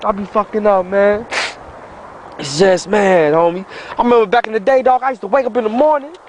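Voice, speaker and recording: A high-voiced man talks in street slang to a friend who is gone, his voice choked up and breaking into crying. Faint traffic hums behind him outdoors. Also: fairly quick. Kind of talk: emotional monologue to a dead friend.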